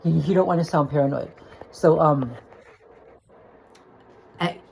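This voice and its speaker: A woman's voice: deep voice, unhurried, vocal fry, darkish tone, breathy edge, low-quality recording. A woman telling a personal story into her phone, agitated and rambling, with restarts and swearing. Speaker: vlogger.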